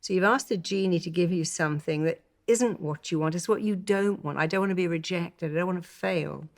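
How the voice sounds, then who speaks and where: Older woman therapist guest, low gravelly voice, animated storyteller who acts out quotes. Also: fairly quick. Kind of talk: conversational interview.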